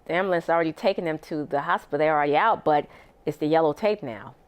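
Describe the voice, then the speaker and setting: A woman's voice: low voice, quick pace, clean tone. A middle-aged woman, an interview guest, recounting a personal story in an emotional, vivid way and acting out what others said. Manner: emotional, vivid retelling with acted-out quotes.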